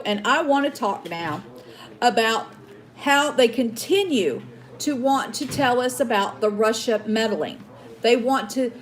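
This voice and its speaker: A woman hosting a political commentary show, ranting indignantly at her viewers with many fillers and restarts. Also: fairly high pitch. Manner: indignant, outraged, addresses viewers as guys. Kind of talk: opinion rant to viewers.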